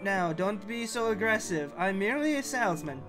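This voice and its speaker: A man voicing a mysterious salesman in a game playthrough, speaking slowly and slyly. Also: high voice, expressive, over music. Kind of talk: let's play voice reading.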